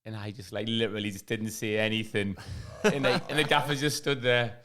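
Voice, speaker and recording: English man, middle-aged, rapid chatty delivery, lots of fillers, podcast. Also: lowish voice, steady tone, a bit bright. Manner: chatty, filler-heavy storytelling. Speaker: podcast co-host, ex-footballer. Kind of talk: casual chat.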